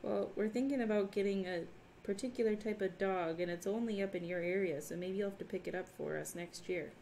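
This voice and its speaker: A woman's voice: medium pitch, a little fast, gravelly, dark tone, a little hiss or hum. A woman from Minnesota chatting casually on a crafting livestream, reading chat aloud and laughing often. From Minnesota, USA. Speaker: livestream host.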